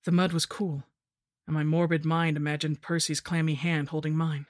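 A woman narrating a first-person gothic horror story in a measured, dramatic storytelling manner. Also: deep voice, flat delivery, dry recording, studio quality.

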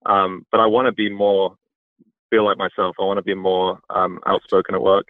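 A man's voice: deep voice, flat delivery, normal speed, dry recording. Hesitant male caller on a tinny phone. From England. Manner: soft-spoken, hesitant. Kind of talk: phone-in conversation.

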